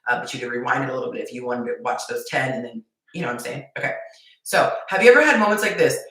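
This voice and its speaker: A woman hosting a live-stream dating talk, playful and animated, acting out little scenes as she coaches. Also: extremely low pitch, recorded from a distance. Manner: playful, acts out scenarios in quick character voices and whispers. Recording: echoey room, voice heard from off the mic.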